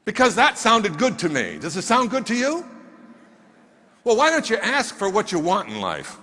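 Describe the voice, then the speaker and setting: A man's voice: high voice, huge pitch swings, normal speed, pushed and bright. A man giving a motivational speech from a stage, emphatic and firing rhetorical questions at the audience. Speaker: motivational speaker. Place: stage in a large hall. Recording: reverberant hall.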